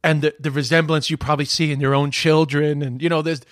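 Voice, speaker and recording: A man's voice: a little high, little pitch movement, fast talker, no echo. Comedian, man, thoughtful casual talk, stammering restarts, dry close sound. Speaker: podcast host, comedian. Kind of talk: casual chat.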